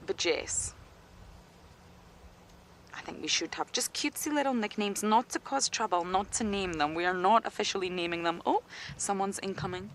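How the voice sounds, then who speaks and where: A woman's voice: medium pitch, normal speed, a little hiss or hum. A woman safari guide giving chatty live wildlife commentary outdoors on a game drive, often laughing and dropping to a whisper near the animals.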